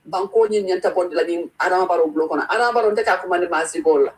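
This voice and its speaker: A woman's voice: on the low side, rapid-fire, darkish tone, rough recording. A woman on a talk show panel, telling stories in a chatty way and mixing English with local language.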